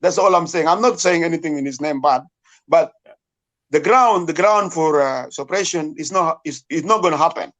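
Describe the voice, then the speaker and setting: A man's voice: a little high, normal speed, fairly bright tone. A man with a South Sudanese accent in a heated debate, insistent and talking over others with repeated words.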